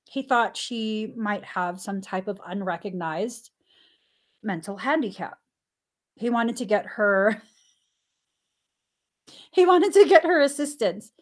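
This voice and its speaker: Woman guest, casual anecdotal storyteller; animated delivery with frequent laughter and acted-out dialogue. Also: slow pace, long pauses. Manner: animated, laughs often while telling stories; acts out dialogue with sudden pitch jumps. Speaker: stay-at-home mom and podcast guest.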